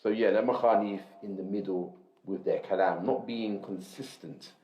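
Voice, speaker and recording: A man reading a religious text aloud to a class in a measured, explanatory way, stopping to gloss Arabic terms. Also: on the low side, fairly even intonation, mellow. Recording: roomy, dull lo-fi recording.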